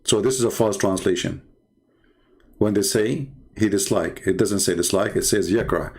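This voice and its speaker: A man's voice: on the low side, moderate pace, darkish tone, slightly rough. A man hosting a live online debate stream, sarcastic and mocking, speaking English with non-native grammar. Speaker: livestream host.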